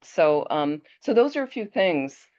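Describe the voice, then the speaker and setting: Woman Buddhist teacher, deep voice, lively storyteller, muffled lo-fi audio. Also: a little slow. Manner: animated storyteller, chatty with restarts. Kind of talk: teaching talk with personal anecdote. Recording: dull lo-fi audio.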